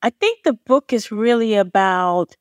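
A woman's voice: mid-range voice, expressive, measured pace, clear, resonant tone, no room sound, studio quality. A woman author being interviewed on a podcast, effusive and emotional as she speaks. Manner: effusive, tearful gratitude. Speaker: author guest.

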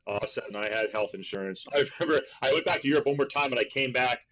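A middle-aged man from Berkeley, an actor and guest, telling stories in a casual interview, rambling with fillers and leaping in pitch when he acts out voices. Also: rapid-fire, low-quality recording. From Berkeley, California. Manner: animated, acts out quoted voices with big pitch jumps; rambling with many fillers and restarts.

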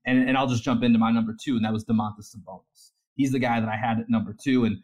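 A man co-hosting a casual sports podcast, explaining his points in a measured, think-aloud way. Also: medium pitch, fairly even intonation, a little mellow, breathy edge. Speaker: podcast co-host.

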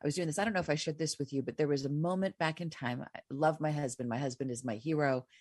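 A woman with a low, husky voice chats as host, telling a story with lively energy and acting out the quotes. The sound is dry and close, with no room around it. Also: fast talker, no echo. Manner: animated storyteller, acts out quotes. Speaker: show host. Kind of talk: casual chat.

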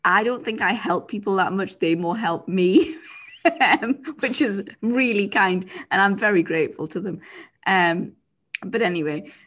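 Young woman podcast co-host, mid-pitched, rambling and giggly. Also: a little slow, a bit bright. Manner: rambling, giggly storytelling with many likes. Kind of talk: casual chat.

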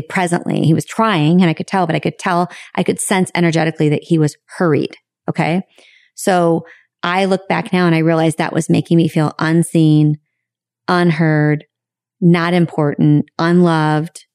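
Frank, low-voiced woman podcast host. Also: darkish tone, no echo, clean studio sound. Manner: frank and emphatic, with casual swearing; reflective, with sudden high bursts of emphasis. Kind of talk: candid podcast monologue.

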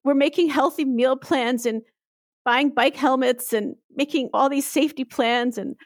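Earnest explaining woman, higher pitch. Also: normal speed, dry recording, clean studio sound. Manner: earnest, explanatory, frequent "right?" tags. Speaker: guest expert. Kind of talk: podcast interview.

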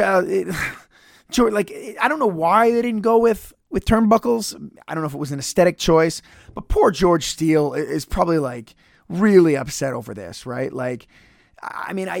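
A man with a fairly high, gravelly voice rambles through a solo podcast review, swearing freely and cracking sarcastic asides. The sound is dry and close, with no room around him. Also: moderate pace, no echo. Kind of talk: casual solo commentary.

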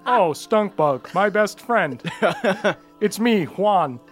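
A man voicing a small, earnest, gnome-like clockwork robot who talks in a slow, halting, literal way. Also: high-pitched, animated, faint music behind, voice pushed up, heavily acted.

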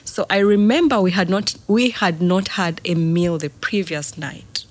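A woman's voice: fairly low pitch, unhurried. Lady guest, middle-aged, tells her story with feeling, laughs between lines. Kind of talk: personal testimony in a podcast interview.

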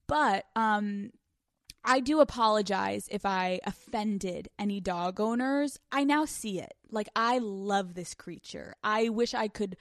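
A woman's voice: fairly high pitch, no echo, studio quality. Crude, candid young woman podcaster. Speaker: podcast host. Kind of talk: casual solo podcast chat.

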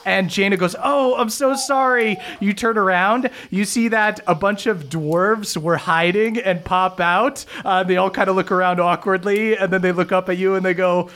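A man's voice: high voice, fairly even intonation, normal speed, hardly any pauses, fairly bright tone. A man narrating a tabletop game as game master, loose and full of fillers. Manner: loose, filler-heavy narration with frequent laughs.

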